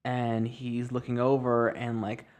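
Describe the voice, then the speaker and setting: Male podcast host, casual chat, lively storyteller. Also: mid-range voice, a little slow. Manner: chatty storyteller, acts out quoted voices.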